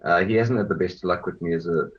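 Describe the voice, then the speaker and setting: A man's voice: low-pitched, quick pace. A man, a former rugby referee, talking as a guest over a video call, hesitant with many fillers. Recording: dull lo-fi video call audio.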